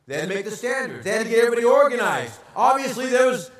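A pastor preaching a sermon, animated and asking the congregation rhetorical questions. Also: male voice, very high-pitched, racing, echoey room, distant mic.

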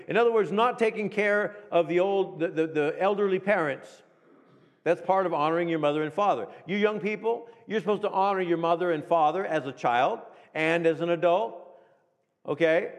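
A middle-aged male pastor preaching a sermon with emphasis, slowing down to read scripture aloud. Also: high-pitched. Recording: long reverb of a hall.

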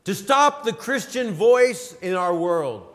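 A man in his fifties preaching a sermon, with emphatic delivery, dramatic pauses and lists, in a church sanctuary. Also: high-pitched, lively intonation, a bit bright. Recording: long hall reverb.

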